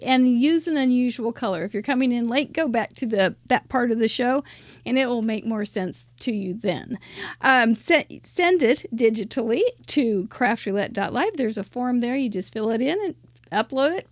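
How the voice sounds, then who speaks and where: A woman's voice: fairly high pitch, no echo, clean studio sound. A middle-aged woman hosting a live crafting show, bubbly and chatty, laughing often and tripping over names.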